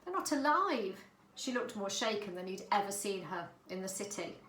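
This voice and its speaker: A woman narrating a children's story in an expressive, dramatic reading. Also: medium pitch, brisk, reverberant, poor audio.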